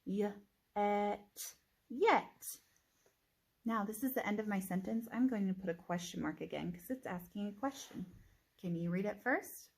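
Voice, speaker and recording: A woman teacher giving a phonics reading lesson, sounding out words slowly and deliberately with encouraging praise. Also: medium pitch, creaky, darkish tone, breathy edge.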